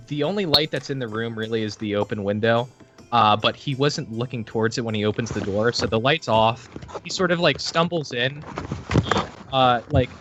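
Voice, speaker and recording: A man's voice: mid-range voice, a bit bright, dull audio. A man playing a tabletop game, narrating his character's actions in a rambling, swearing way. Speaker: player.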